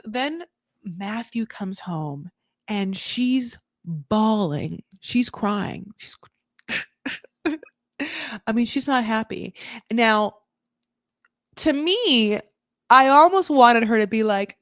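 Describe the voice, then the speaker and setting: Chatty lady doing a funny recap, kinda high voice, super dry sound. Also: slow pace, pauses often, dry recording. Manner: animated, chatty, laughs often, acts out quotes. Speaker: comedic recap podcast host. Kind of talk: comedic reality TV recap.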